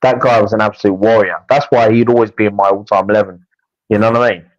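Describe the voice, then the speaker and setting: Animated man on a dull dry mic. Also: fairly low pitch, quick pace, no echo. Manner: animated, frequent restarts and stumbles. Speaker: football podcast co-host. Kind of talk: casual fan match preview chat.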